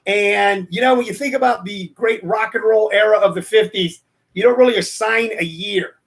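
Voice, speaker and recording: A man's voice: high-pitched, moderate pace. A man in his sixties hosting a casual livestream show, a comedian who rambles and jokes between plugs and stories. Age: 60s. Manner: rambling, joking, digressive. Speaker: show host and stand-up comedian.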